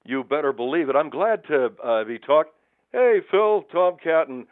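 A man's voice: on the high side, expressive, normal speed, no room sound. A man calling in, chummy and stumbling over his words. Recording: dry tinny phone line.

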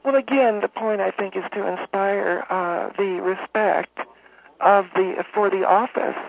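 A man voicing a pompous, self-important homeowners association president who talks in a halting monotone full of uhs, heard over a phone line. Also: high voice, gravelly, slightly rough, no room sound, voice pushed up, full character voice. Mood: smug. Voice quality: monotone droning. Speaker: caller.

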